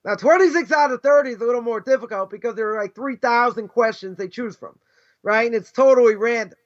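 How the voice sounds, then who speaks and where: A middle-aged rabbi teaches in an easygoing, conversational way, tossing in rhetorical questions and constant "you know"s. His voice sits unusually high for a man. The recording is dull and lo-fi. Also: quick pace. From United States. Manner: chatty, peppers talk with "right?" and "you know", asks rhetorical questions. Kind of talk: casual conversational Torah lesson.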